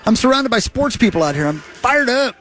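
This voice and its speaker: A man hosting a sports radio show, telling stories in an animated, excitable way. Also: very high-pitched, brisk, a crowd in the background. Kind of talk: casual sports radio banter.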